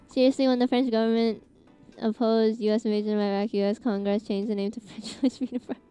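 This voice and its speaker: A woman's voice: on the high side, steady tone, normal speed, pauses often, dark tone, clear, resonant tone, faint music behind. A young woman from Canada chatting casually with her live-stream chat, giggling often and reacting to messages.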